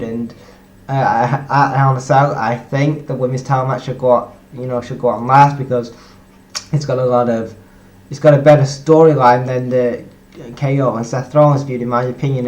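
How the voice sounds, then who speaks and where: A man's voice: medium pitch, darkish tone, dull audio. Young man rambling through a recap. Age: young adult. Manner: rambling, repeats himself, frequent "obviously" and "um". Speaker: wrestling show reviewer. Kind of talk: casual recap vlog. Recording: roomy echo.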